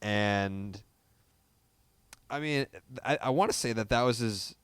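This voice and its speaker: A man's voice: lowish voice, slow pace, smooth, dry recording. A man co-hosting a baseball podcast in a casual, wry way, swearing now and then. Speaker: podcast co-host. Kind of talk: casual chat.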